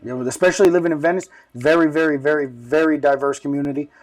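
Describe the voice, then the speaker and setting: A man's voice: a little high, fairly even intonation, fast, darkish tone, far from the mic. A man, telling his life story as an interview guest in profane, slangy, rambling talk. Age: 30s. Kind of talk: casual street-talk storytelling.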